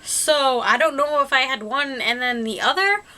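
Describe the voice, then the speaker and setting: A woman's voice: sits high, moderate pace, bright, forceful tone. A young woman vlogger talking casually, rambling with lots of fillers and little laughs at herself. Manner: rambling and self-deprecating, filler-heavy, giggly. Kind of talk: casual personal vlog talk.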